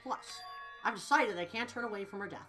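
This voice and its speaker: A gentle, shaken teenage boy, voiced by a woman, soft and subdued. Game music plays under his quiet lines. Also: medium pitch, brisk, natural voice.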